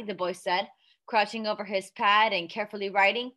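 A woman reading a children's storybook aloud in an expressive, lively way. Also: mid-range voice, normal speed. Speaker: storybook reader.

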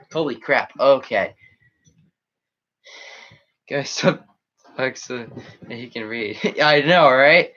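A man drawls through a casual live stream, wandering from one chat comment to the next. His relaxed, unhurried talk sits in a muffled, lo-fi recording picked up at a webcam setup. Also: medium pitch. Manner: rambling, reacting to chat comments.

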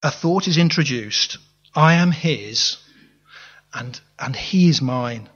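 A pastor preaches a sermon in a church hall, earnest, often restarting his words and questioning the congregation. His medium-pitched voice is animated, slow, a bit bright, and slightly rough, in a reverberant, dull lo-fi recording.

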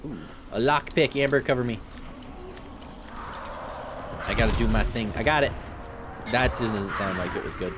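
A man's voice: medium pitch, moderate pace, long pauses, background noise. A man hosting a co-op let's play, bantering in a joking, playful way. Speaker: gaming channel host.

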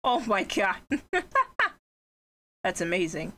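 A young woman live-streaming a game, her voice bright and sharp with big swooping rises and falls. She gushes and laughs easily, and throws in the odd curse. Her delivery is unhurried between bursts of excitement. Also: fairly low pitch. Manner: excitable, gushing, laughs often, swears. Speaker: streamer playing a horror game. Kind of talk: casual live-stream chat.

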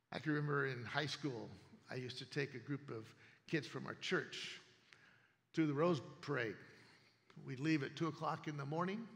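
Pastor with a gravelly voice in a reverberant hall. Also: male voice, a little high, a bit bright. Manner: storytelling, acts out neighbors' lines. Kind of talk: sermon. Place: church sanctuary. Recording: long reverb of a church hall.

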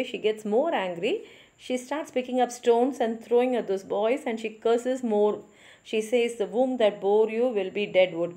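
A woman's voice: fairly high pitch, mellow. A woman with an Indian English accent, a teacher summarizing a short story for exam students, explaining plainly and glossing words.

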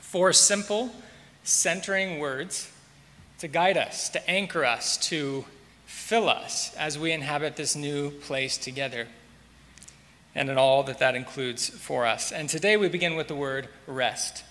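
A pastor delivering a sermon in a bright, clear voice pitched a little high for a man. He speaks in a measured way and leans on repeated words for emphasis. His voice rings out with a long reverb, as in a large sanctuary. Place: church sanctuary.

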